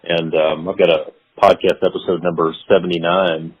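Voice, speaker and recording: Low husky-voiced male podcast host. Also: level tone, moderate pace. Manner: earnest advice-giving, frequent restarts. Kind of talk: conversational interview. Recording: phone-like lo-fi line.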